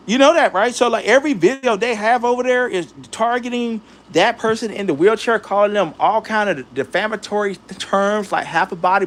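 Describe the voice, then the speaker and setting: In a casual vlog, the channel host rants in a high voice, a little fast and with few pauses. Animated and heated, he talks straight to his viewers using slang.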